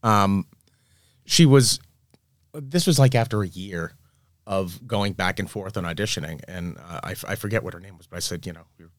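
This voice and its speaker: A man's voice: low voice, normal speed, no room sound, clean studio sound. A man, an animation artist, in casual chat, rambling and joking at his own expense, with some swearing. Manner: rambling, self-deprecating, profane storytelling.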